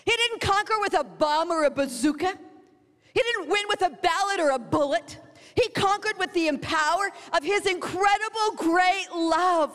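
A woman delivers a sermon with a high, ringing voice. She tells stories dramatically, acting out the people in them. Her words trail off into the long reverb of a large hall. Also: normal speed, fairly bright tone. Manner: dramatic storytelling, acting out quotes. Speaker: preacher.

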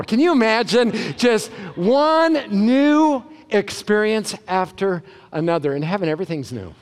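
A man preaching a sermon as a pastor, animated and emphatic, with sudden loud bursts. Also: high voice, a little slow, few pauses, clear, resonant tone.

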